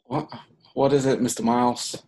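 A man's voice: mid-range voice, little pitch movement, normal speed, a little mellow, slight background noise, close to an everyday voice. Kindergarten boy, stammering and indignant, in an improvised skit voiced by an adult man. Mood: defensive. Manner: stammering, defensive.

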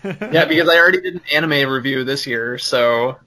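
A man co-hosting a podcast, easygoing and quick to laugh. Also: medium pitch, pushed and bright, low-quality recording. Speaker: podcast co-host. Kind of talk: casual chat and story reading.

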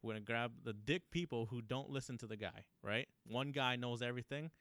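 A young man talking through a movie in loose, animated chat, tossing in "right?" every few lines. His voice is bright and smooth, recorded dry and close with no room sound. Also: mid-range voice, a little fast, dry recording. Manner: animated, riffing, many fillers and "right?". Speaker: co-host. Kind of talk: casual film review chat.

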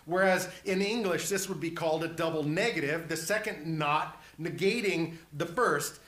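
A man preaching a sermon, slow and earnest, building to emphatic repetition. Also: fairly high pitch, fairly bright tone, reverberant.

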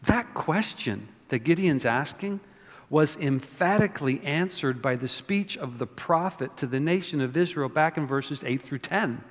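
A man's voice: on the high side, expressive, measured pace. A pastor giving a conversational sermon, often repeating words and asking his listeners rhetorical questions. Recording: long reverb of a hall.

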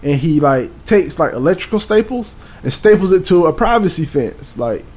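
A man, telling a story in casual chat, animated and profane, acting out voices and sounds. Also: on the high side, normal speed.

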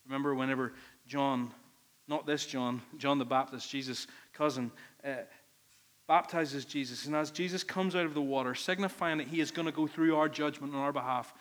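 A man's voice: mid-range voice, fairly even intonation, moderate pace, fairly bright tone. A man preaching a sermon, earnest and emphatic, leaning on repeated phrases. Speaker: pastor.

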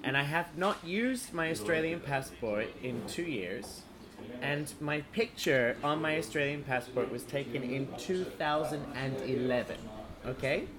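A podcast co-host casually tells a comic travel anecdote, laughing often. His voice is fairly high at a measured pace, with noticeable background crowd noise.

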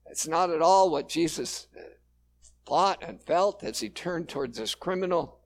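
A male pastor preaching a sermon in a relaxed, conversational storytelling way, with frequent fillers. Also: a little high, a little slow.

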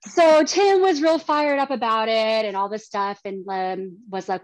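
A woman in her thirties, a podcast guest, giving personal testimony in an earnest, halting way. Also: a little high, slight background noise. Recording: dry, slightly dull lo-fi sound.

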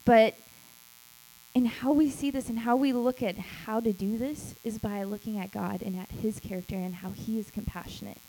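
A woman small group leader teaches at church with an emphatic, earnest delivery. Her voice sits a little high for a woman. She drives points home by repeating them. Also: fairly even intonation, normal speed, warm tone, poor audio. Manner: emphatic, repeats key phrases, acts out quotes.

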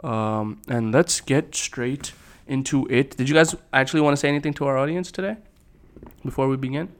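A young man hosting a casual podcast, upbeat and quick to laugh, easily flustered by his co-hosts. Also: medium pitch. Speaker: podcast host.

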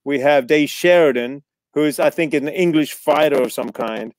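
A man chats casually, telling lively stories, cursing freely and acting out the people he quotes. His voice sits a little on the high side. The sound is dry and close, with no room echo. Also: normal speed. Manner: animated, swears freely, mimics others in quotes. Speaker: actor guest. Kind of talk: casual storytelling chat.

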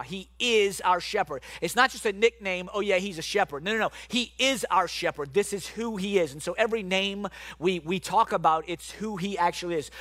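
A man's voice: high voice, fairly bright tone, dry recording. A male pastor preaching a sermon, calling out to his congregation and reading scripture aloud. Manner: preaching with call-outs to the congregation.

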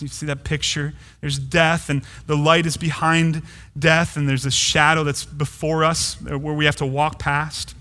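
A man's voice: a little high, fairly even intonation, normal speed, bright, forceful tone. A pastor giving a sermon, earnest and emphatic, repeating key phrases to drive his point home. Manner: earnest, emphatic preaching with repetitions.

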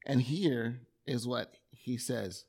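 A man preaching a sermon in a conversational, animated way, with everyday examples. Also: mid-range voice, slow, vocal fry, breathy edge.

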